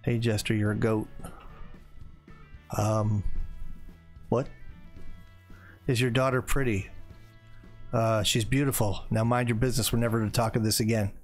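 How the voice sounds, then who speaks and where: A man's voice: on the low side, level tone, measured pace, pauses often, soft background music. Chatty streamer in his forties. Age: 40s. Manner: chatty, reads viewer comments aloud and reacts. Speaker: game streamer. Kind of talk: casual live-stream chat while playing.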